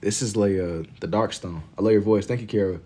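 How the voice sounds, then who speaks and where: Young man, from Kentucky, low-ish voice, relaxed, slangy, casual stream talk, reads chat. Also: fairly quick. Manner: laid-back and slangy, reading chat aloud. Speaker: livestreaming artist. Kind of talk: casual livestream chat while drawing.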